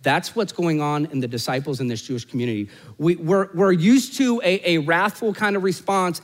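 A man in his forties preaching a sermon, telling a family story with joking asides to the congregation and swinging from loud, emphatic peaks to hushed, soft passages. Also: on the high side, moderate pace, hardly any pauses, big-room sound. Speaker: pastor.

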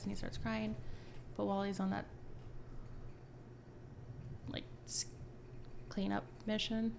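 A woman's voice: medium pitch, little pitch movement, takes it slowly, vocal fry, pauses often, background noise. A woman co-hosting a podcast, animatedly retelling a book chapter in casual chat, swearing freely. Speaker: podcast co-host.

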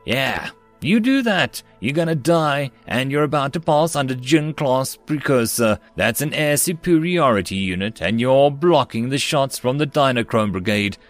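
A man's voice: mid-range voice, normal speed, few pauses, soft background music, natural voice. A man voicing a brusque human battle controller who gives blunt, clipped warnings in a slightly raised voice. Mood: curt.

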